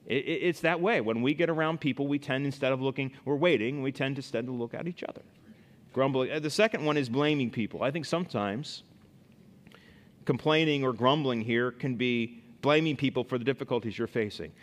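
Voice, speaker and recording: A man's voice: mid-range voice, brisk, in a large hall. A man preaching a sermon as a pastor, reading Bible verses and giving everyday examples.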